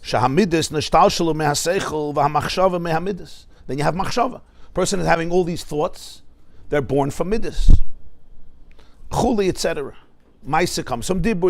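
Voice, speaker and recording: Male rabbi teaching a class, slightly high-pitched, explanatory tone. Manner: explanatory, lively teaching with Hebrew terms and questions to listeners. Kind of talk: Torah lecture.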